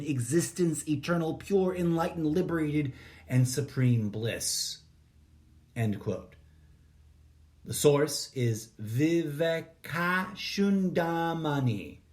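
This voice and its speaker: Slow, deliberate male podcast host. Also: fairly high pitch. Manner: slow, deliberate reading with self-correcting asides. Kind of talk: reading spiritual quotes with commentary.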